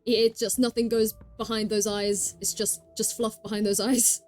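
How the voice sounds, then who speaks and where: A woman's voice: mid-range voice, level tone, moderate pace, a little mellow, faint music behind. A British woman hosting a live game stream, chatting casually and giggling as she reacts to the game aloud. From Britain. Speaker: streamer host. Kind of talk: casual gameplay chat.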